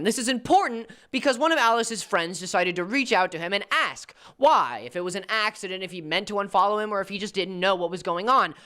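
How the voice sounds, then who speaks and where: An American man doing commentary in a sarcastic manner, jumping between loud jabs and low mutters. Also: clear, resonant tone. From United States. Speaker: commentary YouTuber. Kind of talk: commentary video.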